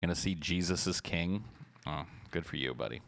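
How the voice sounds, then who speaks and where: A man's voice: normal speed, fairly bright tone. A man hosting a casual livestream, reacting to a trailer with sarcastic, mocking, profane commentary. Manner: mimics lines in exaggerated high voices.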